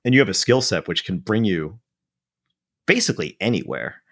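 Host: man, mid pitch, lively intonation, stops and restarts while framing questions. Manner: halting, rephrases questions with many restarts. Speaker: interviewer. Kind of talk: casual conversation.

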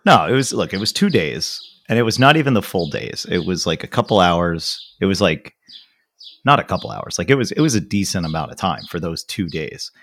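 A man's voice: low-pitched, fairly quick, slight background noise. A man co-hosting a podcast in casual chat, sarcastic and given to swearing as he tells stories. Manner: animated, swearing, sarcastic storyteller. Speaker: podcast co-host.

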